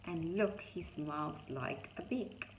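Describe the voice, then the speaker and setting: Low-voiced woman reading a rhyming storybook. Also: lively intonation, a little slow, very noisy. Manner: sing-song rhythmic reading with chatty asides about the pictures. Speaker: teacher reading to young children. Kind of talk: reading a rhyming picture book aloud. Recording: dull echoey room.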